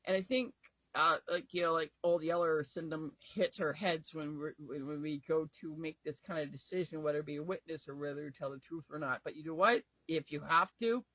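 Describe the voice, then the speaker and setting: Here the tired vlogger's voice is fairly high, fairly even in intonation, a little fast, and sharp in tone, captured dry on a low-quality recording. Talking casually to camera at home, he vents in a rambling, profane, emotional way, trailing off and restarting often.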